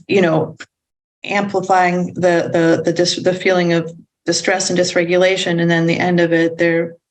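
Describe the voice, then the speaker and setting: A woman giving an informal spoken lecture on parenting, talking in halting bursts with frequent restarts and acting out what children and parents say. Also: lowish voice, poor audio. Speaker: parenting educator.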